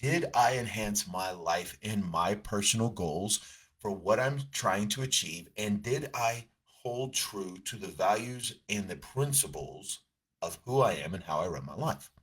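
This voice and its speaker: A man's voice: fairly low pitch, lively intonation, measured pace, fairly bright tone, slightly rough. A middle-aged man, a coach, talking earnestly and reflectively to a camera in a casual motivational way. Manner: earnest, reflective, with many restarts. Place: seated in front of a camera.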